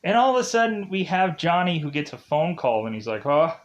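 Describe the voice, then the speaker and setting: A man's voice: a little high, sing-song, fairly quick, dull audio. Rambling, laughing man recapping a film. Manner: rambling, laughs often, frequent filler words. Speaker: film reviewer. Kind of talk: casual spoken film recap.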